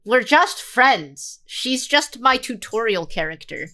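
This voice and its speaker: A woman's voice: on the high side, sing-song, slow, sharp tone. A young woman streamer reacting to a game video in casual, sarcastic chat, swearing freely.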